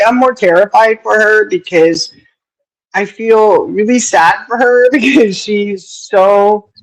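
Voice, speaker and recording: A woman chatting casually on a talk stream, spinning a story with frequent laughter. She jumps her pitch up when she quotes other people and drops in folksy sayings. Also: low-quality recording. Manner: mimics others with raised pitch. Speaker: podcast co-host. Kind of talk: casual chat.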